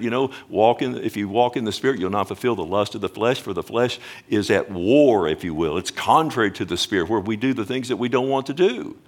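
A low-voiced man delivers a sermon as pastor. He preaches earnestly with animated emphasis, doubling back on his phrases and turning often to the congregation with questions.

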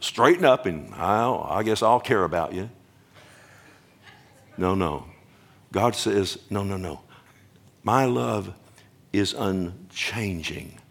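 A man's voice: low voice, lively intonation, slow pace, creaky, pauses often. An older man preaching a sermon in a folksy, emphatic way, often asking the congregation questions. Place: church or stage before a congregation.

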